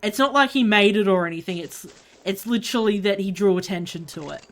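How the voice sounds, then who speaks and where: A woman's voice: medium pitch, lively intonation, brisk. A woman from Australia with an Australian accent, chatting bluntly and swearing freely while she streams a game. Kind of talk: casual chat while gaming.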